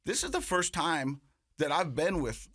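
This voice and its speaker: Bright, forceful man chatting candidly. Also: fairly high pitch, big pitch swings, measured pace, no room sound, clean studio sound. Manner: candid, self-reflective, stumbles and restarts. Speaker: podcast host. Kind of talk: casual podcast chat.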